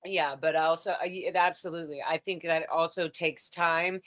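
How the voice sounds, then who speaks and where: Chatty woman host on a video call, bright tone, rambling with lots of fillers. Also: sits low, steady tone, normal speed. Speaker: livestream host. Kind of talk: casual video chat.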